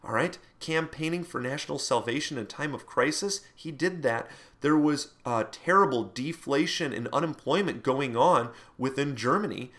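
A man's voice: medium pitch, moderate pace, few pauses, fairly bright tone. Man explaining in a loose classroom lecture. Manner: conversational, loose explaining with fillers and asides; puts on mock voices for quoted speech. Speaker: teacher.

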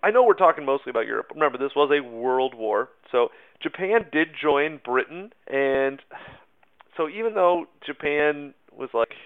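A man's voice: on the high side, expressive, moderate pace, smooth. A man giving a casual history lecture as a teacher, talking in an informal, chatty way with many fillers and asides. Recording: narrow phone-like sound.

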